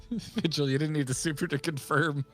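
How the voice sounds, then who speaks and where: A man co-hosting a game stream in casual chat, reading out chat messages with teasing, quick laughter. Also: fairly high pitch, fairly even intonation, fairly bright tone, soft background music.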